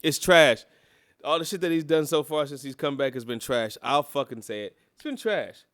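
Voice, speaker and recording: A man's voice: mid-range voice, fairly even intonation, normal speed, a bit bright, clear, resonant tone, dry recording, studio quality. A young man co-hosting a wrestling podcast, ranting bluntly with lots of profanity. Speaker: podcast co-host. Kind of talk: casual chat.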